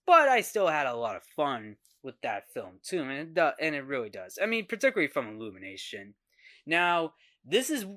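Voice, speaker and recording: A man hosting a casual film review monologue, talking in a halting way that often restarts and repeats words. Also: mid-range voice, bright, forceful tone, no echo, clean studio sound. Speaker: host.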